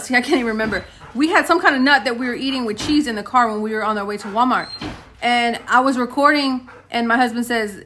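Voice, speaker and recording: Bright-voiced chatty woman in her late thirties. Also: a little high, slight background noise. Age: late 30s. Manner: chatty storytelling, addresses viewers as guys, acts out quotes. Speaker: vlogger. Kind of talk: casual chat to camera.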